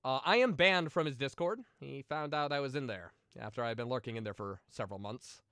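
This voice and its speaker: Smooth-voiced man rambling on stream. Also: mid-range voice, a little fast, a bit bright, no echo, studio quality. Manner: rambling, profane, with many fillers and restarts; emotional, sensitive. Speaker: streamer answering viewer questions. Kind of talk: casual livestream chat.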